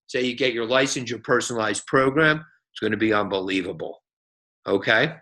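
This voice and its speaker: A man as a guest speaker on a team phone call, giving an energetic, folksy sales pep talk and checking in with a frequent "okay?". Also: mid-range voice, brisk.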